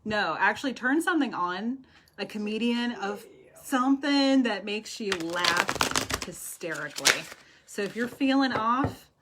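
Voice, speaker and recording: A woman's voice: mid-range voice, lively intonation, a little slow, heavy background noise. A woman giving tarot readings on a live stream, chatty and affectionate, laughing often. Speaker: tarot reader. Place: home, live video stream.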